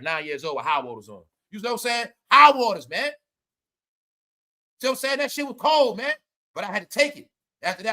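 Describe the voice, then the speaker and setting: High bright-voiced rambling streamer man. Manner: loud, rambling, profane, keeps saying "y'all". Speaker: livestream host. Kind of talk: profane stream-of-talk commentary.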